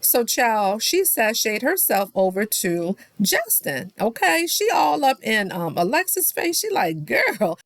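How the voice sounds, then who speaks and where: A woman's voice: fairly high pitch, very animated, unhurried, few pauses, dry recording. A woman recapping a reality show in casual commentary, talking straight to her viewers and quoting people with playful shifts of voice. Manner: chatty, quotes people with playful voice swings.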